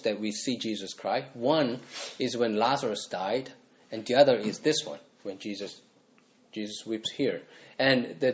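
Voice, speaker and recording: Male pastor, mid-pitched, earnest sermon delivery full of rhetorical questions; muffled lo-fi sound. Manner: earnest, asks the listeners repeated rhetorical questions.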